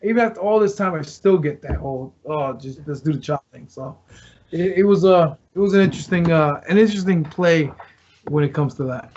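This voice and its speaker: A man's voice: fairly high pitch, a little fast, a little mellow, slight background noise. A former pro wrestler telling locker-room stories in casual chat, rambling and restarting as he acts out what others said. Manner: rambling, restarts often, acts out quoted lines. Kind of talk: casual storytelling. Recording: dull lo-fi podcast audio.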